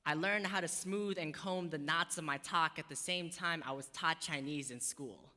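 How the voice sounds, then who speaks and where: A man's voice: a little high, normal speed. A young American man performing spoken word poetry, then talking casually about poetry with rhythmic delivery. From United States. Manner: rhythmic, shifts from soft recited poetry to lively casual talk. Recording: long hall reverb.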